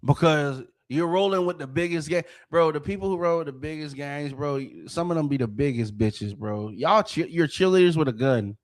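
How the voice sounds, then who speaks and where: A man's voice: on the high side, normal speed, few pauses. A man hosting a podcast, ranting in a heated, profane way and often restarting his sentences. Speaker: podcast host. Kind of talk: casual podcast rant.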